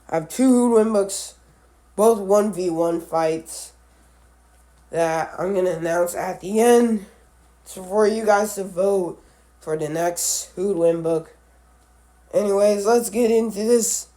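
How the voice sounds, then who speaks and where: Slow, mellow-voiced man, a bit sick. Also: sits high. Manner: halting, self-correcting, stumbles over names. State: sick, voice a little off. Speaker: animal video creator. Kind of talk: casual book read-along commentary.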